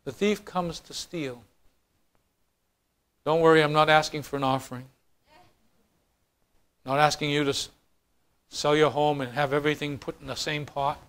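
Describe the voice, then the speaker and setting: A man preaching a sermon as pastor, swinging from quiet, low lines to fast, loud bursts. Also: steady tone, smooth.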